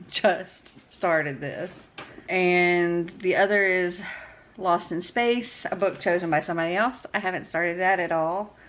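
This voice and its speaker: A woman talks casually to her phone camera in a room at home, rambling from thought to thought and laughing easily. Her pitch sits in the middle of the range for a woman, and her tone is relaxed and chatty. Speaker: book vlogger. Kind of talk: casual vlog chat. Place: indoors at a house.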